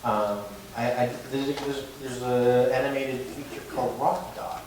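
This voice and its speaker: A man on a convention panel, telling stories in a halting, rambling way with lots of fillers and laughs, into a mic held away from his mouth. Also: medium pitch, steady tone. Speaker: actor on a fan convention panel. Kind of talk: casual panel Q&A storytelling. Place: large echoey convention hall. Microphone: handheld mic held away from the mouth. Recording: echoey hall, voice from far off, background noise.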